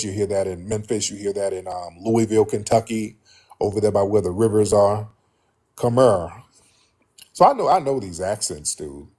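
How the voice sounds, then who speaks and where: A man's voice: lowish voice, mellow. A man from the United States hosting casual commentary to his viewers, emphatic and repetitive, calling them family. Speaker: host.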